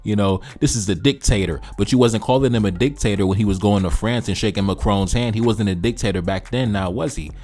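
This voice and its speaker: A man's voice: lowish voice, quick pace, hardly any pauses, dark tone. A man hosting a casual reaction commentary, blunt and laid-back, swearing freely as he reads comments aloud. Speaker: commentator and channel host.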